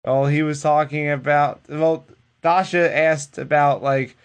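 A man co-hosting a casual podcast, retelling wrestling in a loose, profane, animated way. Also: a little high, a little slow. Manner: animated, profane storytelling that acts out the people it quotes. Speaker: podcast co-host recapping wrestling. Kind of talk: casual chat.

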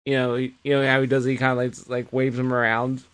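A man co-hosting a podcast, giving an animated casual recap with plenty of swearing. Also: medium pitch, fast. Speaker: podcast co-host. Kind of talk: casual chat.

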